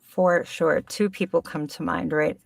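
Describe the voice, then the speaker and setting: A middle-aged woman, a voice actor, talking in a casual podcast conversation, animated and playful with frequent laughs. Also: fairly low pitch, measured pace, creaky, no echo, distant mic. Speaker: voice actor guest.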